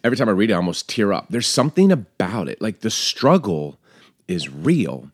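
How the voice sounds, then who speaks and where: A man's voice: lowish voice, brisk, no echo, clean studio sound. A man co-hosting a podcast in casual chat, who also reads a poem aloud with earnest feeling. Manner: animated, laughs often, earnest. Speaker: podcast co-host.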